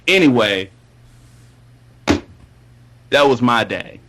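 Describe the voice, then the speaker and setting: A man's voice: on the high side, sing-song, a little slow, a bit bright, slight background noise. A man co-hosting a podcast, speaking bluntly and confrontationally in casual chat. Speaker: podcast co-host.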